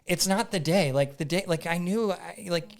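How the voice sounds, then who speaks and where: A man telling a story as a podcast guest in a casual, animated way, acting out his own thoughts and using lots of fillers. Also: high voice, normal speed, vocal fry. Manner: frequent "like" fillers and repeats.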